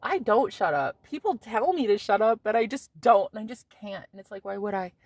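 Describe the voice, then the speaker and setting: A brash woman in her thirties vlogs from the street, loud-mouthed and quick to swear and laugh. Her voice sits at an ordinary pitch for a woman. The sound is dry and close. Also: animated, no echo. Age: 30s. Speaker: vlogger. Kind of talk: casual outdoor vlog. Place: outdoors on a street.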